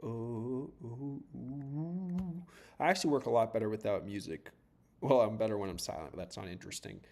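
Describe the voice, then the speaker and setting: A man's voice: mid-range voice, moderate pace, gravelly, darkish tone, slight background noise. A man from south of Boston talking casually on a live stream while he debugs code, rambling, laughing often and swearing casually. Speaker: startup founder coding on a livestream.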